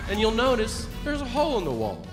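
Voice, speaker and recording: Man playing a gruff middle-aged store clerk, blunt, flat matter-of-fact delivery, fairly high voice, long hall reverb. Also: brisk, music in the background, full character voice.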